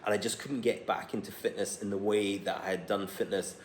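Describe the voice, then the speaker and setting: A man's voice: on the low side, steady tone, a little fast. Candid man in an echoey room. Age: 40s. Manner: candid, blunt, swears casually. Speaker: personal trainer and health coach. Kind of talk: casual talk to camera, reading from his phone. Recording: echoey room with faint ambient noise.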